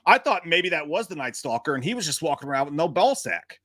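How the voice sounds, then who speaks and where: Animated, bright-voiced male livestream host. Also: fairly high pitch, fast, no echo. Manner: animated, profane, self-mocking jokes. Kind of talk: casual live chat about a movie.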